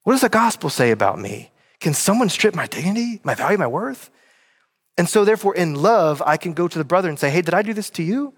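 A male pastor from North Carolina, USA, preaches a sermon in a conversational way, addressing listeners directly and often checking in with them through questions. His voice is high-pitched, slightly rough and fairly quick, with big pitch swings, and the recording carries a long hall reverb.

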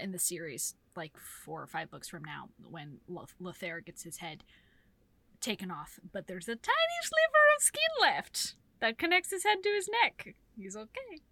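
Lively high-voiced woman recapping a book. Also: dry recording. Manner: animated storytelling, acting out characters with lots of swearing and laughter. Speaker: podcast co-host. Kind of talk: casual book chat.

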